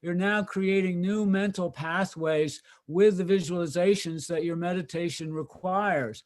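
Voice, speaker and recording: High-voiced male host, loose and rambling. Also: measured pace. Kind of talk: casual conversational interview. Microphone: video call.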